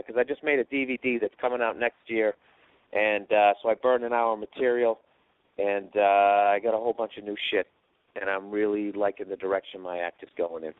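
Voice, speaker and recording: A man's voice: fairly low pitch, steady tone, fairly quick, clear, resonant tone, no echo. A man hosting a podcast, telling profane stories in a casual, rambling monologue and acting out the voices of other people. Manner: profane storytelling, acts out quotes. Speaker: podcast host. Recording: dry tinny phone-like sound.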